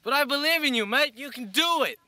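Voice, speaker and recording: A man's voice: extremely high pitch, expressive, fairly quick, pushed and bright, heavily acted. A man playing a cheery, overconfident Australian outback guide who talks heartily and boastfully. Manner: hearty, boastful, says mate. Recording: home video, far from mic, clear background noise.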